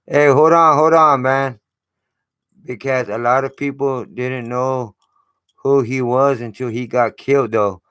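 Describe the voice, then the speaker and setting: Slow rambling man, casual stream talk. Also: medium pitch, steady tone, a bit bright, smooth. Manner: rambling, lots of fillers and repeats. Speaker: channel host.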